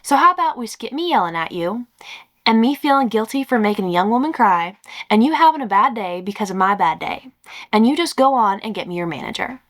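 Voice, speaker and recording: A woman's voice: a little high, animated, fairly quick, natural voice. Woman putting on a drawling Southern phone customer. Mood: weary, polite. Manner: drawling, folksy, weary but polite. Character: laid-back Southern man, fed-up phone customer.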